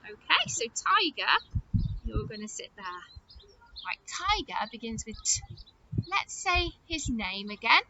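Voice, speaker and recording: A woman teacher leading an early-years phonics lesson, speaking slowly and encouragingly as she says words clearly and claps out their syllables. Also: a little high, sing-song. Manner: slow, sing-song, encouraging, clapping out syllables. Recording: dull lo-fi sound with loud noise.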